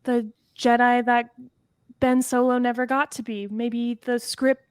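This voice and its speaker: A woman co-hosting a podcast in casual chat, playful and quick to laugh. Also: fairly high pitch, level tone, clean tone, dry recording. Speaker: podcast co-host.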